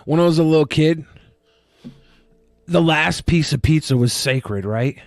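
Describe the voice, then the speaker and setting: A man's voice: on the high side, unhurried, no echo, soft background music. A man co-hosting a podcast, joking and teasing the others in casual banter. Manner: teasing, jokey, repeats lines for laughs. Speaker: co-host.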